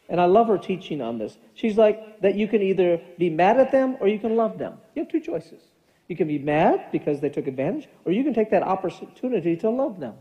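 Fifties male pastor, high-pitched, conversational sermon delivery with playful bits of character voices; dull, muffled church recording. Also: mellow. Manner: conversational, jokey, acts out little scenes with funny voices. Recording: muffled lo-fi sound.

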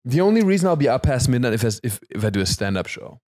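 A man, co-hosting a podcast, telling stories in a lively way with frequent restarts and laughs. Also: medium pitch, quick pace, dry recording. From Germany. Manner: animated storyteller, stammers and restarts, laughs often. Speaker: podcast co-host. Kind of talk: casual chat.

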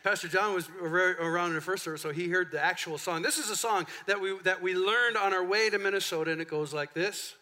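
A man's voice: high voice, fairly quick, hardly any pauses, sharp tone. A middle-aged man, a pastor, telling a chatty story to his congregation during a sermon in a church. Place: church sanctuary.

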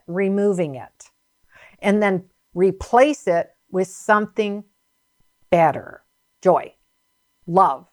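Woman preacher, fervent, kinda high voice, dry close sound. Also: no room sound. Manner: fervent, repetitive exhortation. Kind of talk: sermon.

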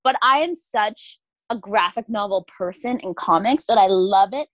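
A young woman co-hosting a casual book chat, animated and quick to act out what people said. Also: medium pitch, dry recording. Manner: animated, acts out quoted lines, laughs often. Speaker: podcast co-host. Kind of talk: casual chat about books.

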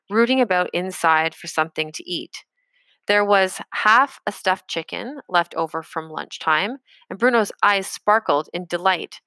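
A woman reading an audiobook chapter in a measured storytelling manner. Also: fairly low pitch, sharp tone, no echo. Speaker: audiobook narrator. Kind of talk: scripted narration.

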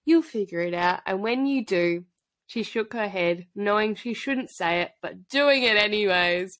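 A woman co-hosting a casual book podcast who retells scenes in an animated way and acts out the characters' lines. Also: medium pitch, a little slow, no room sound. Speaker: podcast co-host.

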